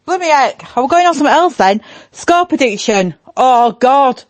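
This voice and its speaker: A woman's voice: high voice, lively intonation, normal speed, dry recording. A woman with a Yorkshire accent, a podcast panelist talking in a blunt, laughing way. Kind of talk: casual chat.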